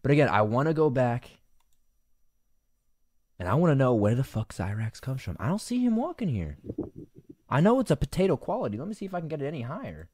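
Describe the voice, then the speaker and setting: A man's voice: mid-range voice, sing-song, brisk, pauses often, darkish tone, dry recording. A man hosting a commentary video, reacting to a clip with profane disbelief and frequent laughter. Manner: incredulous, profane, laughs often. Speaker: commentary channel host. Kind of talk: reacting to and narrating an online clip.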